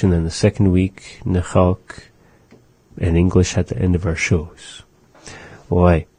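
A man hosting a radio language lesson, repeating each phrase slowly and carefully. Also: low-pitched, warm tone, no echo. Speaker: language teacher and radio host. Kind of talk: slow instructional language lesson.

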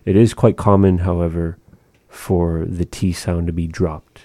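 A man's voice: low-pitched, level tone, unhurried, dark tone, no room sound, clean studio sound. A man giving a patient one-on-one language lesson, carefully modeling and repeating pronunciations. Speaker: language teacher.

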